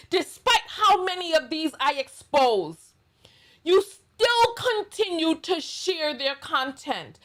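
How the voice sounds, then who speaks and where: Brief: middle-aged New York woman, high voice, slow, emphatic drawl, blunt sassy commentary host. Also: very animated, fairly bright tone. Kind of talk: reaction commentary monologue.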